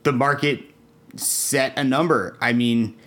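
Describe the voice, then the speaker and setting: A young man with a mid-range voice explains his view on a sports podcast. He is measured and analytical. He often pauses with "um" and restarts his sentences. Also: medium pitch, fairly even intonation, a bit bright. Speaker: podcast co-host. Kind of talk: casual sports podcast chat.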